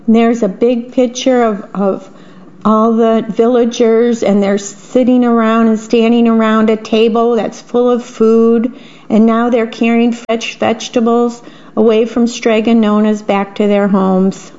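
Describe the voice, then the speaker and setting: A woman reading picture books aloud, gently adding her own comments on the pictures. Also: fairly high pitch, little pitch movement, a little slow, muffled recording. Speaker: storyteller.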